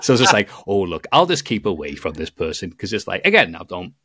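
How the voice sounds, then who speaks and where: A man's voice: deep voice, fast, slightly rough, dry recording, studio quality. A man telling stories in a casual podcast chat, acting out quotes with bursts of laughter. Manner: animated storytelling with voiced quotes and laughs. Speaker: podcast guest, video maker.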